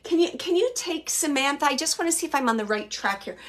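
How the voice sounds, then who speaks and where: A woman giving a live spirit reading as a medium, speaking gently and hesitantly with many pauses, earnestly relaying messages. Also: sits high, expressive. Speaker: psychic medium.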